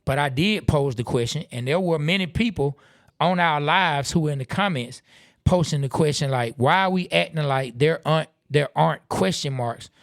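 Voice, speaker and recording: A man co-hosting a casual live-stream podcast, reading out viewer comments with relaxed asides. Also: a little high, normal speed, creaky, dry recording, studio quality. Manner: laid-back, reads viewer comments aloud with asides. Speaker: podcast co-host.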